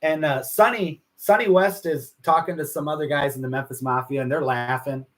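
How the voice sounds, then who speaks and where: A man's voice: a little high, fairly even intonation, moderate pace, fairly bright tone. Chatty man telling a story. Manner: chatty storyteller with many fillers. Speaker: livestream co-host. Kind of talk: casual chat.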